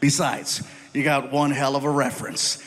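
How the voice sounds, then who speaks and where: A smooth male restaurant manager, as a comedian puts him on, pitched lower than the teller's own voice. He talks in a calm, easy, reassuring way, like a man closing a deal. It is a stand-up bit with faint room noise behind. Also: normal speed, long reverb tail, natural voice. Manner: calm, reassuring sales talk.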